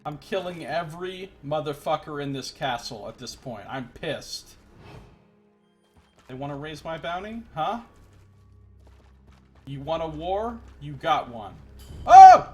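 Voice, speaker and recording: A male let's play streamer with a slightly high voice, giving loose, jokey commentary full of swearing as he plays. Faint game music runs underneath his live stream. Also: animated, slow, pauses often, warm tone. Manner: jokey, profane, talks to himself while playing. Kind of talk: casual gameplay commentary.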